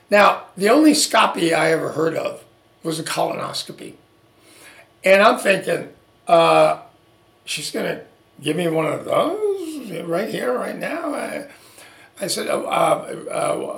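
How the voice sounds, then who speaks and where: Man, podcast host, animated storyteller, gravelly, high-pitched, roomy echo. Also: measured pace. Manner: animated, acts out quoted dialogue. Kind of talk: storytelling monologue.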